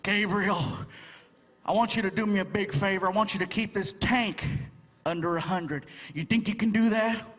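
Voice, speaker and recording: A man voicing a veteran male highway cop in a stand-up routine, with a drawling, laid-back authority. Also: normal speed, a bit bright. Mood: easygoing. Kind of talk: stand-up character voice. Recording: echoey live venue with crowd ambience.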